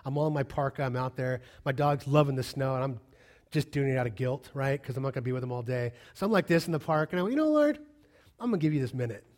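A man preaching a sermon, speaking conversationally and moving between soft, hushed passages and raised, emphatic lines. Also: mid-range voice, steady tone, fast talker. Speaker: pastor.

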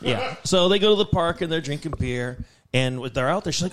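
A man with a slightly high voice talks fast as a podcast co-host, telling a long, casual story with slight background noise behind him. He's animated and swears, acting out the voices of the people in the story.

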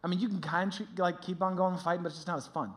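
Earnest, high-voiced man preaching. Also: fast. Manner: earnest, animated when telling stories. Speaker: pastor. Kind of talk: sermon.

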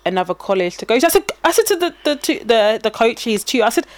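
Fast-talking woman, animated storyteller. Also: a little high, no echo. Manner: animated storytelling, acting out quoted dialogue. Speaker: podcast co-host and teacher. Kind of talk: casual chat.

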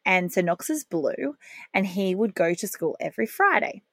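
A woman's voice: mid-range voice, very animated, normal speed, a bit bright, no echo. A woman, hosting a podcast and telling a candid, heartfelt personal story with the odd laugh. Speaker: parenting podcast host.

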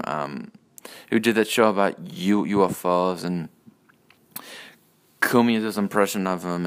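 Man, solo rant, rambling and profane, lots of ums, gravelly fry. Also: low-pitched. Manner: rambling, profane, full of hesitations. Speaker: podcast host. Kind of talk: casual monologue rant.

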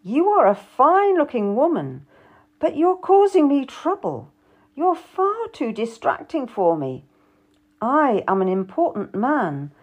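A woman's voice: high voice, huge pitch swings, measured pace, slightly rough, muffled recording, pitched above the performer's own voice, full character voice. A woman voicing an arrogant, charming young male nobleman who coaxes and gives orders. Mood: coaxing. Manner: coaxing, commanding.

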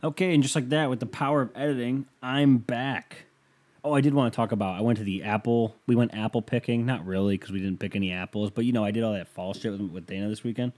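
A US man hosting a casual one-person podcast rambles through listener emails, swearing liberally and leaning on sarcasm. He talks fast in a steady, mid-range voice that's slightly mellow.

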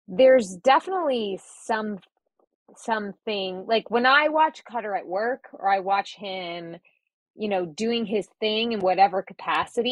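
A woman's voice: mid-range voice, no room sound, low-quality recording. A woman in casual podcast chat, talking about her relationship, with frequent "like" fillers. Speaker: podcast co-host.

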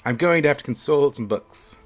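A man's voice: mid-range voice, fairly quick, faint music behind, voice pushed up, close to an everyday voice. A man voicing an odd, cautious male satyr shopkeeper in a tabletop game, speaking hesitantly with stammers. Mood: quizzical.

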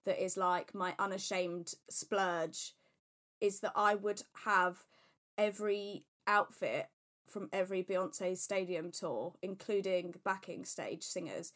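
A woman's voice: on the low side, slow pace, fairly bright tone. A woman co-hosting a casual podcast, chatty and rambling, gushing about her interests. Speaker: podcast co-host. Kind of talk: casual chat.

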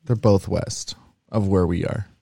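A young man co-hosting a podcast, telling stories in a rambling, animated way. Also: low voice, a little slow, vocal fry, no room sound, studio quality. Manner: rambling, animated storytelling with demo voices. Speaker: podcast co-host. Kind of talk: casual chat.

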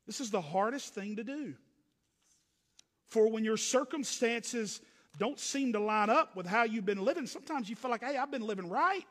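A man preaching a sermon as pastor, swinging from loud emphatic preaching to low, hushed asides. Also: expressive, moderate pace, big-room sound.

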